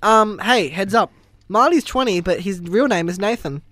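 A man's voice: sits high, lively intonation, normal speed, fairly bright tone, dry recording. A man co-hosting a casual podcast, joking and reading facts aloud as he moves the talk on. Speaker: podcast co-host. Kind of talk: casual chat recapping a reality show.

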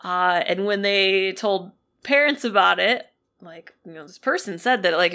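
A woman's voice: medium pitch, a little slow, pushed and bright. A woman co-hosting a podcast, chatting casually and retelling a listener's spooky story with lots of "like"s. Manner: chatty, filler-heavy with many "like"s. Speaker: podcast co-host.

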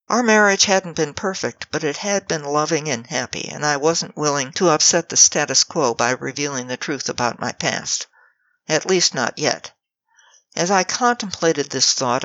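Low-voiced woman narrating a fantasy audiobook. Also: no room sound, lo-fi sound. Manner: expressive, wry storytelling with lively dialogue.

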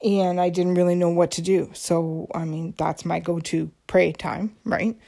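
Unhurried, hesitant woman podcaster. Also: lowish voice, steady tone, creaky, mellow. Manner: hesitant, frequent ums and restarts; candid, confiding. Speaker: podcast host. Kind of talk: personal storytelling monologue.

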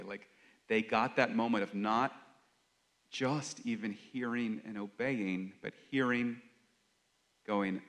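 Earnest man preaching in a low voice. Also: fairly even intonation, a bit bright. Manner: halting, with many pauses and fillers; earnest, confessional. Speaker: worship leader or preacher. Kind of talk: reflective sermon talk.

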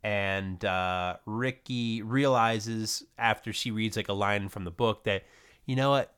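A man co-hosts a podcast and recaps TV episodes in casual chat. His voice is smooth and resonant, and he talks at an easy pace. He fills his pauses with plenty of uh's and um's. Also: fairly low pitch. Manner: relaxed, hesitant with many uh fillers. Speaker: podcast co-host.

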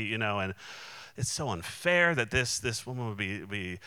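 A man's voice: on the low side, lively intonation, moderate pace, bright, forceful tone, clean tone, no echo. A man, a Christian minister, telling a personal testimony in an earnest, candid and emotionally open way. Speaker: Christian minister and conference speaker.

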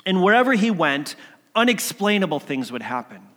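A man telling a story as a sermon, swinging between emphatic lines and hushed ones. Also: high voice, sing-song, normal speed. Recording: long hall reverb.

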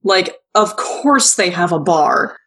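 A woman's voice: lowish voice, lively intonation, takes it slowly, fairly bright tone, poor audio. Emphatic, sweary woman co-host. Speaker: podcast co-host. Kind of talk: casual chat.

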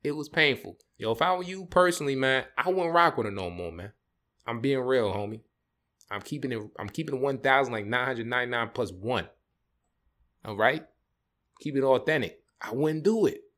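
A man hosting a casual storytelling podcast, slangy and animated, jumping in and out of voices. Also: mid-range voice, normal speed. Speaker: podcast host.

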